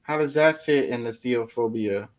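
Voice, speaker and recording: A man's voice: mid-range voice, moderate pace. Eager, questioning podcast host man. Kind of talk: casual podcast conversation.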